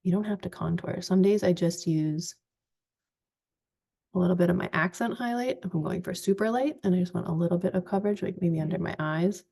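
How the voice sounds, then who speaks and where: A woman in her forties giving a chatty, relaxed step-by-step makeup tutorial. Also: fairly low pitch, brisk, creaky, husky. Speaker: makeup vlogger.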